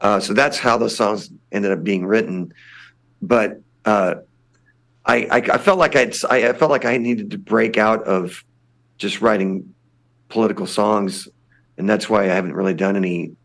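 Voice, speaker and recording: A man's voice: on the low side, normal speed, gravelly, fairly bright tone. An older man, a punk singer, chatting casually as a guest, rambling with many restarts. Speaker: lead singer of a punk band, podcast guest. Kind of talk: casual interview chat.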